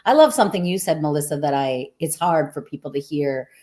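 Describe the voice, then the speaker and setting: A woman's voice: deep voice, expressive, a little fast, dark tone. A woman who hosts a podcast and works as a coach, talking in an earnest, affirming and reflective way. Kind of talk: casual podcast conversation.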